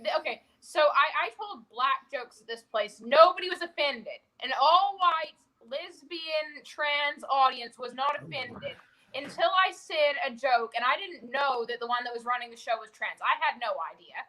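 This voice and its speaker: Canadian woman stand-up, high bright voice, brash and blunt podcast guest. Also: moderate pace, rough recording. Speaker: guest comedian. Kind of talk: casual podcast chat.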